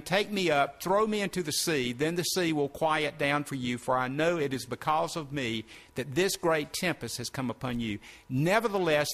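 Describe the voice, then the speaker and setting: A man's voice: a little high, a bit bright. Man reading scripture in a sermon. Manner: reads verses then breaks in to explain. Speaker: preacher.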